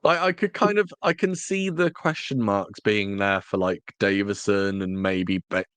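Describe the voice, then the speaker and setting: A man co-hosting a casual review podcast, chatty and jokey, with a fairly low voice. He talks slowly, and the sound is dry and close to the mic. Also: a bit bright, clean tone, no room sound. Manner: chatty, jokey, with frequent restarts. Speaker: podcast co-host. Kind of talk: casual chat.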